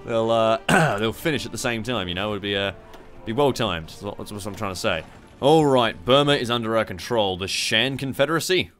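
A man's voice: on the low side, brisk, fairly bright tone, soft background music. A young man hosting a strategy game playthrough, rambling and swearing with mocking asides. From Australia. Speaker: gaming channel host. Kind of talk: casual strategy game commentary.

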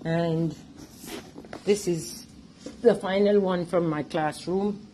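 A woman's voice: lowish voice, steady tone, takes it slowly, noisy background. A middle-aged woman with a Jamaican accent, an earnest and emphatic teacher and artist giving a presentation about her artwork.

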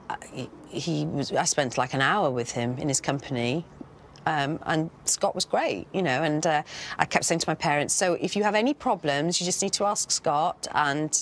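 A woman's voice: deep voice, slight background noise. A woman telling a chatty, self-deprecating anecdote in casual talk.

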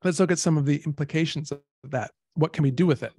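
A man's voice: a little high, quick pace, darkish tone, breathy edge. A man giving an online lecture, chatty and thinking aloud, with fillers and restarts. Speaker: lecturer on dead languages. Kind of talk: online talk with slides.

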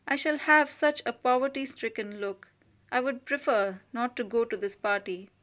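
A woman's voice: on the high side, normal speed, fairly bright tone, natural voice. A woman reading the lines of a vain, discontented young wife who complains sulkily about her lack of finery. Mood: plaintive.

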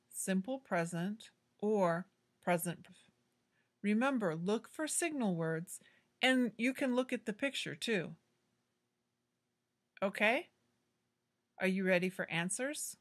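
Woman teacher going over english grammar, super slow and clear, patient. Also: medium pitch, lively intonation. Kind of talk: grammar lesson.

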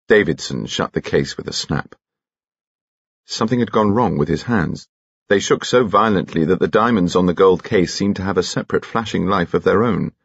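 Deep, husky male narrator. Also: no room sound, muffled recording. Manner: measured, expressive reading. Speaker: audiobook narrator. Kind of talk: scripted narration with character voices.

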